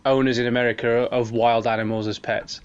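A man's voice: medium pitch, flat delivery, brisk, clean tone, highs cut off. A man co-hosting a podcast, telling stories in casual chat with hesitant ums. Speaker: podcast co-host.

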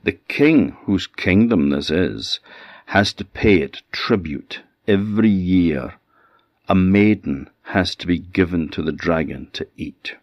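A man doing a surly, gruff coach driver. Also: low voice, slow pace, dry recording, dull audio. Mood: grim. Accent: Scottish, Orkney. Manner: curt, dismissive.

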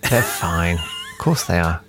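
A man's voice: low-pitched, lively intonation, unhurried, fairly bright tone, a little hiss or hum. A man hosting a podcast, chatting casually in a jokey, rambling way. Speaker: podcast host. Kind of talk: casual chat.

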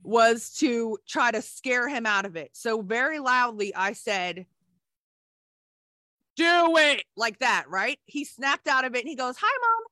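A woman's voice: a little high, moderate pace, hardly any pauses, sharp tone, no room sound, studio quality. A middle-aged woman, a nurse, telling her story candidly in an emotional, rambling way with many restarts. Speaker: guest, nurse.

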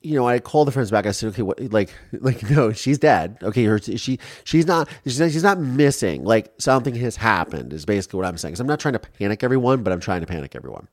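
A man in his forties from Ohio, telling his life story in an interview in an animated way, acting out quotes and restarting often. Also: lowish voice, fast, few pauses, dry recording, clean studio sound. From Ohio, USA.

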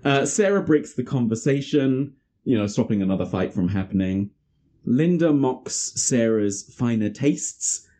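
A man's voice: medium pitch, measured pace. A man hosting a podcast, recapping a film in casual chat, laughing often and acting out the characters' lines. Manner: lively, laughing, acts out quotes from the film. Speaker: podcast host.

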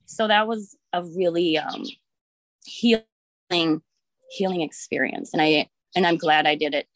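A woman's voice: on the low side, unhurried, no room sound. A woman in her thirties telling a personal story in casual chat, rambling with lots of filler words and frank swearing.

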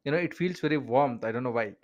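Indian accented guy hosting a podcast, chatty, lots of you knows, mid pitch. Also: fast, a little mellow, highs cut off. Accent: Indian English. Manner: chatty, frequent "you know" fillers, laughs between points. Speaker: podcast host. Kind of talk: casual interview chat.

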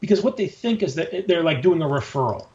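A man talking casually and excitedly in an interview, rambling with many fillers and frequent swearing. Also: a little high, fast, highs cut off. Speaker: guest, designer and notebook maker.

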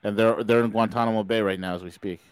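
A man's voice: on the low side, steady tone, fast, smooth, no room sound, low-quality recording. A man hosting a casual live-stream talk show, jokey and rambling, laughing at his own gags. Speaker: host.

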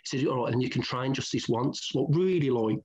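A middle-aged former footballer from England with a Birmingham accent, telling candid stories in an interview and acting out old conversations in a colloquial way. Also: male voice, mid-range voice, a little fast, crowd noise. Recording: dull lo-fi sound.

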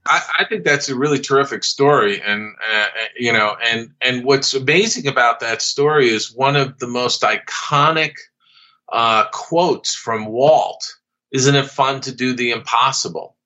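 A man, a guest on an interview podcast, telling stories from his career in a halting way, with many fillers and restarts. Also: mid-range voice, pushed and bright. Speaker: guest, former studio artist. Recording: dull lo-fi audio.

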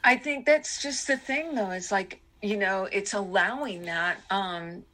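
Bright-voiced middle-aged woman podcast host. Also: mid-range voice, measured pace. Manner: candid, reflective, uses many fillers. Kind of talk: casual podcast chat.

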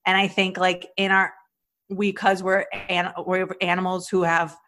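Lively storytelling woman comedian, slightly low. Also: a little slow. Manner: animated storytelling, swearing, quoting herself in put-on voices. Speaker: podcast co-host, stand-up comedian. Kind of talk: casual chat.

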